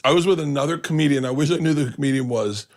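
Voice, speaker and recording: A man, a comedian, telling an animated story and laughing as he goes. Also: a little high, fast talker. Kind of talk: storytelling with impressions.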